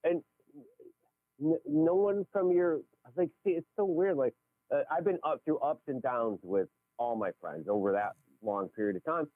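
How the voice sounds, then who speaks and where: A man in his forties calling a radio show, chatty and lively, heard over a phone line. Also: a little high, normal speed, no room sound. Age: 40s. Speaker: caller. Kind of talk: call-in radio chat.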